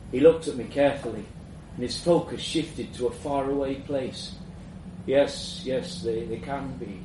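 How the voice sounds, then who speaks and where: A narrator with a medium-pitched, somewhat dark male voice reads a first-person story aloud in an echoey room. The recording picks up roomy echo from a distant mic, plus a faint hum in the background.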